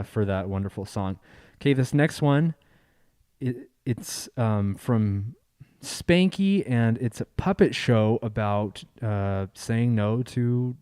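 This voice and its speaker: A man hosting a casual chat show, introducing viewer videos in a halting way with many pauses and restarts. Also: on the low side, warm tone, clear, resonant tone, no echo, studio quality. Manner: halting, full of fillers and restarts. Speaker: show host.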